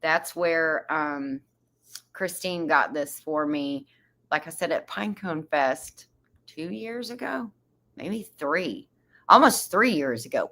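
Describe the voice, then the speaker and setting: A woman's voice: low voice, lively intonation, slow, bright, forceful tone. A woman hosting a casual livestream, reading viewer comments aloud, chatty and laughing often. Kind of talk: casual chat.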